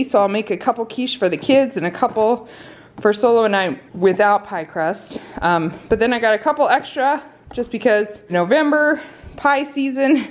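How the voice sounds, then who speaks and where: A woman, chatting casually through a grocery haul, out of breath and laughing often. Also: mid-range voice. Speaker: vlogger showing a grocery haul. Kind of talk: casual chat.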